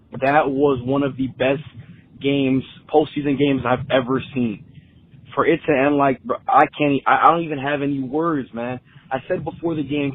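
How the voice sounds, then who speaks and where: Male caller, husky voice, tinny phone line, halting fan reaction. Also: a little high. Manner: stunned, halting, repeats himself.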